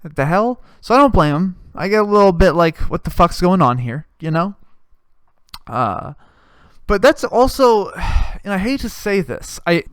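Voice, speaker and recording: Rambling foul-mouthed comedy podcast host. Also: male voice, sits high, big pitch swings, unhurried, a bit bright, clear, resonant tone, dry recording. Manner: rambling, crude, sarcastic, swears often. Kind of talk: profane comedic monologue.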